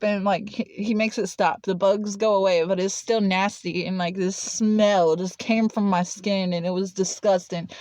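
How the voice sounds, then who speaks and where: A woman's voice: mid-range voice, no echo. A young woman telling a personal story in casual chat, blunt and swearing freely, with lots of "like" fillers.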